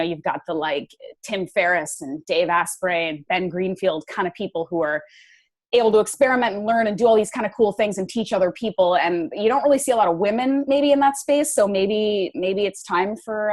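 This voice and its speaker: A woman's voice: mid-range voice, brisk, darkish tone. A woman in her thirties, a podcast guest talking enthusiastically in loose, run-on phrases. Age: 30s. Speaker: podcast guest, fitness writer. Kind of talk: casual interview chat.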